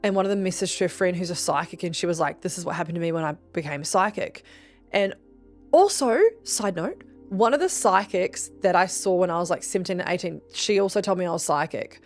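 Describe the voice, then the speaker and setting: A woman's voice: fairly low pitch, brisk, soft background music. A young Australian woman hosting a podcast, telling a personal story in a chatty, swearing way and acting out the voices she quotes. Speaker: podcast host. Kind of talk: casual storytelling monologue.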